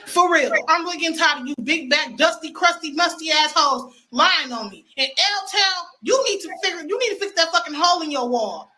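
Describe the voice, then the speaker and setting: A woman's voice: very high-pitched, expressive, fairly quick, hardly any pauses, bright, forceful tone, poor audio. A woman on a livestream ranting defensively against rumors, indignant and full of cursing. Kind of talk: profane livestream rant.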